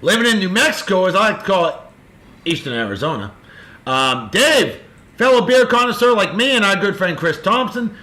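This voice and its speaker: A man hosts his daily video and hands out effusive, upbeat birthday greetings. His voice sits a little high and sounds crisp and forceful. The recording rings with the echo of a bare room. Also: sing-song, moderate pace. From Martha's Vineyard, Massachusetts. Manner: upbeat, effusive, talks straight to friends. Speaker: host of a daily beer video. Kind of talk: casual birthday shout-outs. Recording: echoey room.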